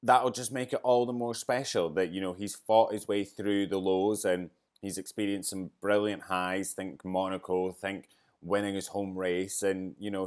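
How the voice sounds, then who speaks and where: A man hosting a podcast, with a fairly low, hungover voice. He talks in a chatty, effusive way and lets the emotion show. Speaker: podcast host. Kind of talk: casual podcast commentary.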